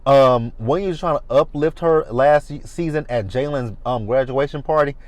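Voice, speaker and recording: Man, sassy, animated reviewer, middle pitch, dry close sound. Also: moderate pace, dry recording. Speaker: reality TV reviewer. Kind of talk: casual commentary.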